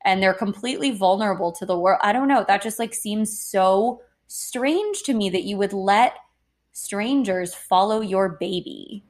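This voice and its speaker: A woman's voice: medium pitch, measured pace. A young woman co-hosting a casual podcast. She talks bluntly and indignantly, swearing freely as she makes her point. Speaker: podcast co-host. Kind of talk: casual chat.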